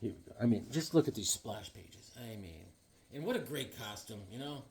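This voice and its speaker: A man's voice: mid-range voice, animated, normal speed, darkish tone, a little hiss or hum. A man hosting a casual comic book collecting vlog, playful and rambling with goofy jokes.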